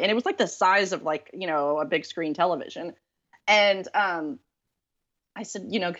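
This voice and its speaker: Telling her dating stories with a self-deprecating, casual touch and lots of fillers, this Southern woman from Texas is an author guest in a storytelling interview. Her voice is fairly low and a bit bright, at a moderate pace, captured with lo-fi sound.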